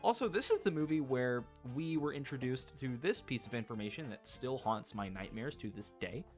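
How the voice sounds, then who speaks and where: A man talks through a casual video essay at an average pitch, chatty and wry, leaning on "like" as he goes. Soft music sits faintly behind his home-mic voice-over. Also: lively intonation, moderate pace. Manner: chatty and wry, with many "like" fillers.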